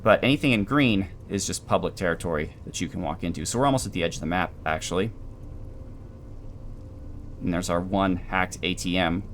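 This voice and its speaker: A man giving calm, dry, explanatory commentary while playing a video game. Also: low-pitched, fairly quick, a little hiss or hum. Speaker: gameplay commentator. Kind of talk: let's play commentary.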